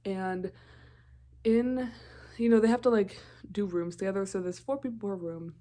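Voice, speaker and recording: A young woman rattles through a TV show recap in a relaxed vlog voice. She is chatty and meandering, and often cuts herself off to correct a detail or remember something. Her pitch sits right in the middle of the usual range. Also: normal speed. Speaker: vlogger.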